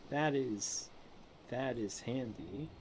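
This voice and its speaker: A man's voice: medium pitch, takes it slowly, background noise. A man casually commenting on his strategy game, muttering the text on screen half to himself and breaking into baffled outbursts. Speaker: gameplay streamer. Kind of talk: casual let's-play commentary.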